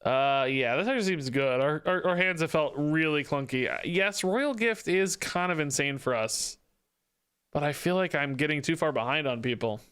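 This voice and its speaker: A man's voice: fairly high pitch, moderate pace, fairly bright tone, smooth. A young man streaming a card game, chatting to his viewers in a loose, self-mocking way and laughing often. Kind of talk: casual gameplay commentary.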